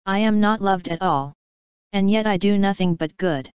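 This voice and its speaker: A woman's voice: mid-range voice, moderate pace, clear, resonant tone, no room sound, natural voice. A woman voicing a melancholy, dignified female spider who talks in a mournful, sighing way. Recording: slightly dull, dry recording.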